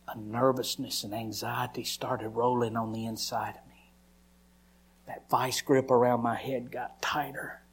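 A preacher shares his testimony from the pulpit in a husky, ordinary mid-pitched voice. He tells it as dramatic storytelling, acting out his own cries and occasionally dropping to a hush.

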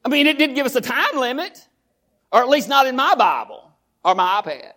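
A man with a Texan accent preaches with fervor, his voice pitched unusually high for a man. He often breaks into shouts and drives his points home by repeating phrases. He sounds middle-aged. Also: big pitch swings, brisk. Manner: fervent, often shouting, repetitive preaching cadence. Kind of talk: sermon.

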